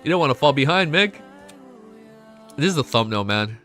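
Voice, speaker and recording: A young man chatting casually on a live stream, excitable and swearing often, swinging from quiet gratitude to loud excitement. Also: mid-range voice, moderate pace. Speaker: livestreamer. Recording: faint music behind.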